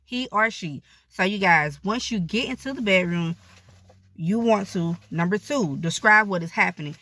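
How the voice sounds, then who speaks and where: A woman's voice: medium pitch, moderate pace, bright, forceful tone. A woman vlogger giving casual advice, speaking candidly and addressing her viewers directly.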